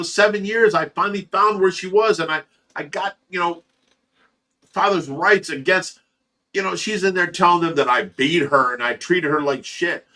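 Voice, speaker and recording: A man's voice: high-pitched, pushed and bright, recorded from a distance. A middle-aged man hosting a livestream, reading chat aloud and giving blunt, profane, earnest fatherly advice.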